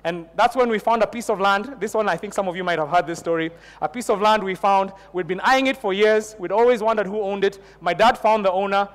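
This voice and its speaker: A man's voice: high voice, brisk, few pauses, big-room sound. A man preaching a sermon to a church congregation, telling a personal story and building into fervent prayer. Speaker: pastor.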